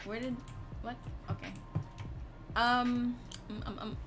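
A woman streamer chatting casually during a late-night game, drawn-out and giggly. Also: a little high, steady tone, over music. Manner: slow, drawn-out talk broken by frequent giggles.

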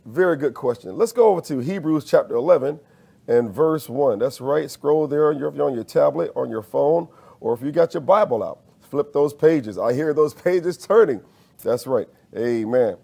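A man's voice: a little high, vocal fry, a little mellow, slightly rough. A man preaching a sermon as minister, using call-and-response and rising to emphatic peaks.

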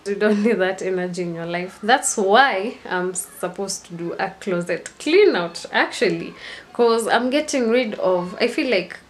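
A woman's voice: mid-range voice, measured pace, slight background noise. A young woman, chatting casually in a rambling storytime vlog. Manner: chatty and rambling, mixing in Swahili slang. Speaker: vlogger.

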